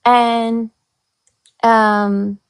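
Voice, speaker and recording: A woman hosting a podcast, telling a story in a casual, animated way and acting out what others said in a higher voice. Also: extremely slow, clean tone, no echo. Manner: animated, acts out quotes in a higher voice. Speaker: podcast host.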